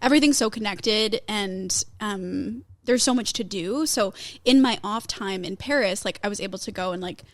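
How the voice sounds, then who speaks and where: A woman working as a news reporter, chatting as a podcast guest in an animated way, filling her speech with "like". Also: mid-range voice, normal speed, few pauses, no room sound. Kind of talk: casual chat.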